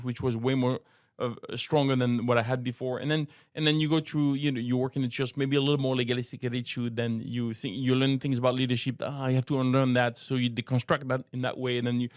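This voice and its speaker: A man's voice: medium pitch, flat delivery, fast, no echo, clean studio sound. A middle-aged man from France with a French accent, co-hosting a faith podcast and speaking earnestly, often repeating words as he searches for phrasing. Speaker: co-host, apologetics teacher. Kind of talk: casual podcast discussion.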